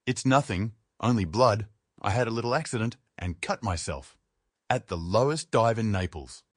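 A man's voice: on the low side, lively intonation, moderate pace, breathy edge, dry recording, clean studio sound. A man voicing a sinister perfumed male assassin who speaks in an offhand, nonchalant way.

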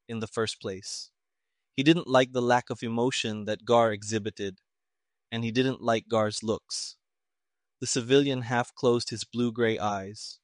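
In a measured, even manner, a man narrates a story as audiobook narration. His voice is medium-pitched, and the sound is clean studio audio with no room sound.

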